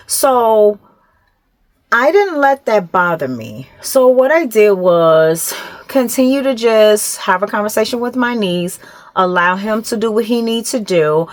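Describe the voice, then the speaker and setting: A middle-aged woman vlogger telling a story to camera in a casual, animated way, acting out the other people's voices. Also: medium pitch, dry recording.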